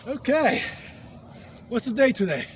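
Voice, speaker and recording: High-voiced man chatting on a riverbank. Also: big pitch swings, unhurried, slight background noise. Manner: chatty, exclaims often, breathy sighs between lines. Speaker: angler filming his catch. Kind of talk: casual running commentary while fishing. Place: outdoors on a river bank.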